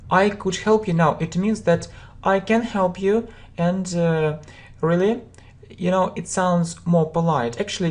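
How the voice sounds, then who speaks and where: A woman's voice: sits low, darkish tone. A woman teaching English, reading out verb forms and example sentences and explaining them patiently, with frequent "you know" and "uh" fillers.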